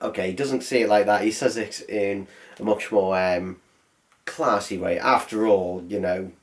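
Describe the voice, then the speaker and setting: A man's voice: on the low side, moderate pace. A man voicing a sarcastic, rambling film review. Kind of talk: comedic film review voice-over.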